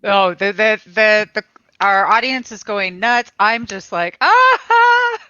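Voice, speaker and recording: Bright effusive woman host, dull dry audio. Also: medium pitch, fairly even intonation, unhurried, smooth, no room sound. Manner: effusive, exclamatory. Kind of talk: live-streamed interview.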